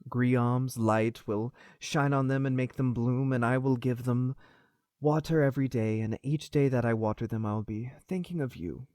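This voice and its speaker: A man's voice: mid-range voice, fairly even intonation, normal speed, a little mellow, no echo, clean studio sound, lightly acted. A man voicing a kindly old hunched dwarf priest who speaks tenderly and fatherly.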